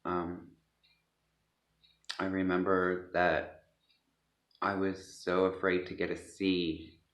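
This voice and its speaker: A man gives a hesitant personal testimony, full of pauses and fillers. His voice sits very low with a gravelly texture. The recording is dull and lo-fi, with a roomy echo. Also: completely flat delivery, a bit bright. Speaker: speaker sharing a personal story. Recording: echoey dull lo-fi room.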